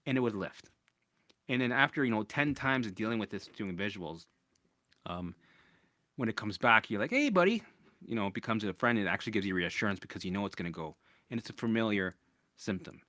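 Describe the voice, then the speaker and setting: A man's voice: fairly low pitch, brisk, bright, forceful tone, no echo, studio quality. A man hosting a casual solo monologue, rambling and swearing freely as he answers listener questions and keeps checking in with "right?".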